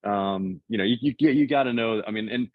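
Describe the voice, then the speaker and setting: Man in his fifties, low voice, lively casual storyteller, dull dry lo-fi recording. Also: no echo. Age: 50s. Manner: animated, fast, acts out other people's quotes.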